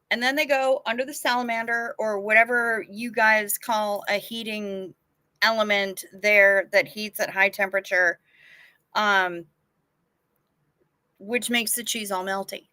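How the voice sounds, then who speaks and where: A woman's voice: mid-range voice, steady tone, a little slow, bright, forceful tone, no echo. A woman hosting a casual livestream, chatting frankly and swearing freely as she answers viewer comments. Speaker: livestream host.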